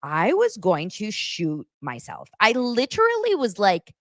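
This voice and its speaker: Blunt, lively-voiced woman chatting. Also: mid-range voice, a little slow, dry recording, studio quality. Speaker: podcast host. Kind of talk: casual gossip chat.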